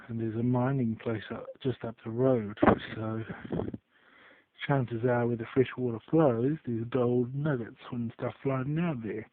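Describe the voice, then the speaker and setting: A man telling rambling stories in a casual vlog, swearing freely and trailing off into quiet asides. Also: medium pitch. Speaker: vlogger. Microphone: phone. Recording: tinny phone-like sound.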